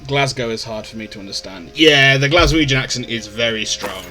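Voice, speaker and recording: A man's voice: mid-range voice, fairly quick, sharp tone. A man giving casual, wry commentary while playing a video game. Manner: chatty, wry, talks back to the game. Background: game music and dialogue.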